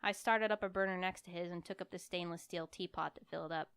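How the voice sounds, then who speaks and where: A woman reading first-person fiction aloud with wry, lively narration. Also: on the low side, fast talker, smooth. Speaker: audiobook reader.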